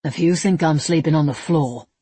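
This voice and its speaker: A woman voicing a cool, teasing young man with a dry, low-key manner in a read-aloud story. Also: moderate pace, darkish tone, husky, dry recording.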